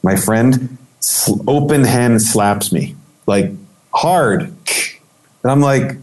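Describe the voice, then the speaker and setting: Speaking at medium pitch, this photographer takes his time and pauses often. He's a middle-aged interview guest in a relaxed conversation, spinning a long, spirited story and performing the quoted voices of its characters.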